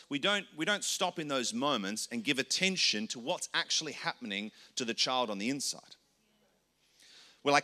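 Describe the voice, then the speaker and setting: Male pastor, bright forward tone, earnest and conversational, repeats words as he thinks. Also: medium pitch, expressive, normal speed. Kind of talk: sermon teaching.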